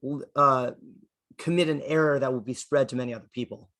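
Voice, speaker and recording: Rabbi teaching a Torah class. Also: male voice, medium pitch, fairly even intonation, brisk, a bit bright. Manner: checks in often with "okay?"; thinks aloud with restarts. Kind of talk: explanatory class lecture.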